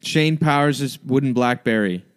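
A man's voice: medium pitch, measured pace, clear, resonant tone. Joking male podcast co-host. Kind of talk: casual chat.

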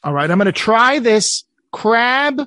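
A woman's voice: fairly high pitch, sing-song, unhurried, fairly bright tone, dry recording, studio quality. A woman hosting a casual food chat, talking enthusiastically and teasing her guest. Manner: chatty, enthusiastic, gasps and teases. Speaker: podcast host. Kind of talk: casual chat while eating on a food show. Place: New York City apartment.

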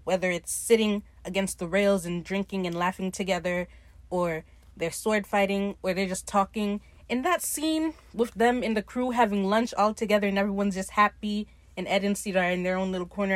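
A woman's voice: medium pitch, no echo. A woman hosting her own show, giving casual, blunt commentary on a TV episode with sassy, profane asides. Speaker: podcast host reviewing a TV episode.

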